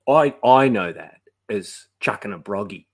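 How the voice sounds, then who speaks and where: A man's voice: lowish voice, animated, unhurried, breathy edge. A man with an Australian accent, co-hosting a podcast with joking, teasing banter. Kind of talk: casual chat.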